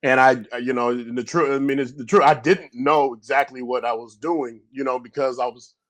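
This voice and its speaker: A middle-aged man, a former pro football player, telling loose, rambling stories in a casual podcast interview and acting out yelling coaches. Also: medium pitch, normal speed. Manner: animated storyteller, acts out coaches yelling; loose, rambling with many restarts.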